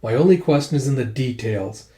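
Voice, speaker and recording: A man reading an older male warlord doctor, cool, dry and measured. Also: medium pitch, lively intonation, warm tone, echoey room, close to an everyday voice. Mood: cold.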